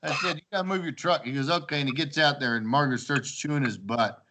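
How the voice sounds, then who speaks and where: A man telling old house-party stories in a casual chat, animated, acting out quoted lines and laughing often. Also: on the high side, quick pace, background noise. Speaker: storyteller among old housemates.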